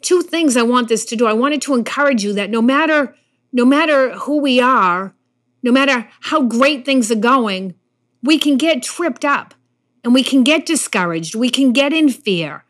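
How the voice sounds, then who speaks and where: A woman's voice: a little high, animated, normal speed, fairly bright tone. Earnest woman preaching a sermon. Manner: earnest, acts out the Bible figures' lines in quotes.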